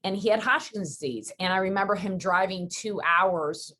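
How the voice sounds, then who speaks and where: A woman from Western New York hosts a podcast in a relaxed, conversational way. She tells stories with energy and drifts into quick asides. Her voice sits at a middle pitch. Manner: lively storyteller, quick rambling asides. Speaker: podcast host. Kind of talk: casual interview chat.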